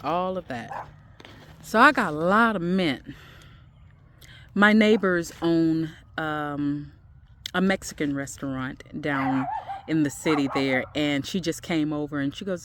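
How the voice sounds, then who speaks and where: A woman's voice: sits low, a little slow, a bit bright, slight background noise. A woman chatting casually while she walks through her backyard garden, speaking in a faith-filled, repetitive way. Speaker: gardening vlogger.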